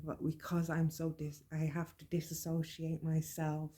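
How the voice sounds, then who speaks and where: A woman giving an earnest, measured personal monologue about mental health. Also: deep voice, completely flat delivery, dark tone, slightly rough. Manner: earnest, measured, plain-spoken. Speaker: podcast host.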